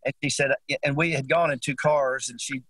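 A man's voice: mid-range voice, fairly even intonation, moderate pace, fairly bright tone, husky, dry recording, poor audio. An older man tells a personal story in an interview, talking earnestly and repeating himself when moved. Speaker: guest.

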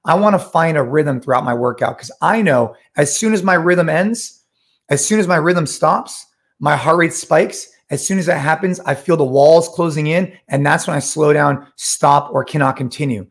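A man's voice: on the high side, normal speed. A middle-aged man hosting a short solo podcast, talking casually and with energy, often retelling conversations. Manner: energetic, conversational, retells chats with quoted voices. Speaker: podcast host.

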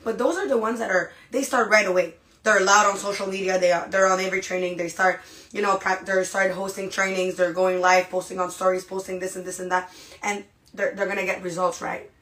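An energetic woman hosts a podcast and delivers a casual motivational talk. Her voice is at a middle pitch and rings with the echo of a bare room. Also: brisk. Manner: energetic, casual, peppered with "right?" and "you guys". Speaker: podcast host. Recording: echoey room.

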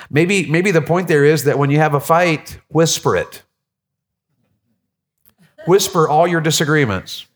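A man preaching a sermon as pastor, animated and jokey, with many restarts. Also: a little high.

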